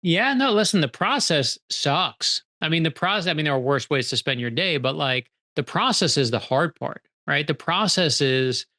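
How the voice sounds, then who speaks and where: A man, a guest author, telling stories in an energetic, animated conversational way and acting out quoted dialogue. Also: on the high side. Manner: energetic, animated, quick bursts when excited. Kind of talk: conversational storytelling.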